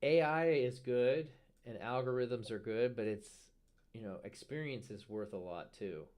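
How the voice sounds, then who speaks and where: A man's voice: medium pitch, measured pace. A man hosting a live trading stream, talking casually as he walks through charts and often repeats a word for emphasis. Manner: relaxed, talks while pointing at charts, repeats words for emphasis.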